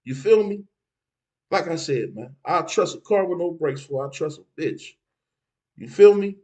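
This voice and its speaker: A man's voice: on the high side, lively intonation, moderate pace, a little mellow, rough recording. A man giving street advice in a casual, preachy monologue, dropping "man" between phrases.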